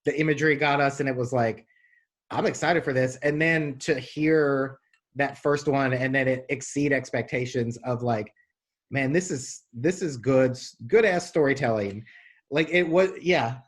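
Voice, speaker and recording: Halting, enthusiastic male podcast host. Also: mid-range voice. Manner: enthusiastic, halting, many fillers. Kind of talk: casual interview chat.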